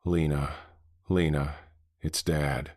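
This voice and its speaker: A man's voice: rumbling low, takes it slowly, no echo, clean studio sound. A man voicing a hollow mimicking monster. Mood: coaxing mimicry. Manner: soft, hollow, eerily calm. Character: hollow mimicking monster, copies human voices.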